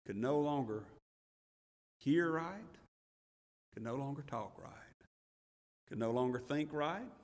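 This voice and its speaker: A man preaching a sermon as pastor, swinging between loud emphatic passages and hushed, slow ones, and reading scripture in King James wording. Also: medium pitch, lively intonation, in a large hall. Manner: reads scripture aloud in King James wording with rising intensity.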